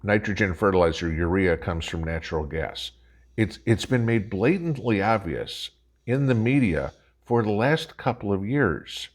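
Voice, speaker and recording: A man with a very deep voice rants in scornful commentary. He hosts the show and keeps pressing each point with a sharp "okay?". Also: lively intonation, unhurried. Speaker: host. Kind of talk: opinionated commentary.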